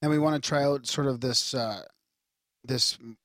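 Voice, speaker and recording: A male podcast co-host speaks at medium pitch in a steady, fairly bright tone and at a moderate pace, recorded with clean studio sound and no room echo. In casual conversation he's laid-back and rambling, restarting often.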